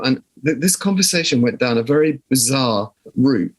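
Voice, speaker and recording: An older man with a southern English accent, speaking as a guest in an interview. He tells his stories in a reflective, conversational way and often restarts his sentences. His voice sits at an ordinary pitch. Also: lively intonation, moderate pace. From southern England. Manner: reflective, storytelling with frequent restarts. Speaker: guest musician.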